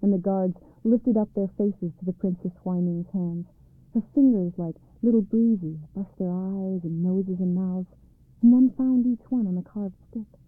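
A woman narrating a storybook in a calm, measured read-aloud way, on a tinny recording. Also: mid-range voice, no room sound. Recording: dry, tinny phone-like sound.

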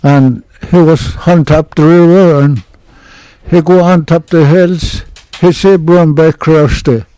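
Older man, halting broken-English storytelling, dry close sound, unhurried. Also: on the high side, steady tone, dark tone, no room sound, rough recording. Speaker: interviewee. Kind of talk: oral history storytelling.

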